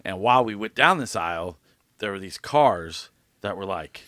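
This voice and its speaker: A man's voice: low-pitched, moderate pace, no echo, studio quality. A man co-hosting a podcast, telling a story in casual chat, swearing and acting out what people said. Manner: animated storytelling, swearing, acts out quotes. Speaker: podcast co-host.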